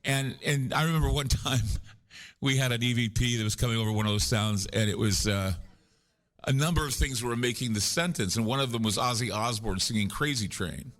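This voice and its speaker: At a paranormal conference, a male guest speaks live in a medium-pitched, fairly quick, slightly bright voice. He spins long, rambling stories in casual chat, joking and poking fun at himself along the way.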